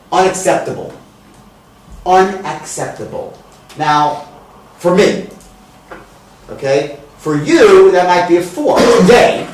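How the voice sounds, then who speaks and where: Profane sales trainer in an echoing room. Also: male voice, a little high. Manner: blunt, profane, swings into loud exaggerated demonstrations. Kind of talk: live sales training talk. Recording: very echoey room, speaker far from mic.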